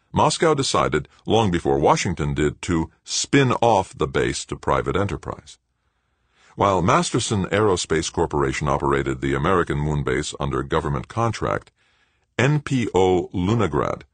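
A man narrating an audiobook in a steady, measured storytelling voice, recorded close on a studio mic. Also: very deep voice, no echo. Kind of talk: scripted narration.

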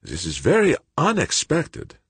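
A man's voice: fairly high pitch, wildly swooping pitch, measured pace, slightly rough, no room sound, voice pushed up, exaggerated voice. A man playing a formal, puzzled doctor. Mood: pondering. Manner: formal, pondering. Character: older male doctor, puzzled and brooding.

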